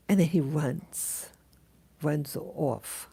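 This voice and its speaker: A woman telling a dream in a casual, halting monologue, full of restarts and fillers as she greets viewers of her live stream. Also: low voice, vocal fry, dark tone, husky. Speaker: vlogger recounting a dream.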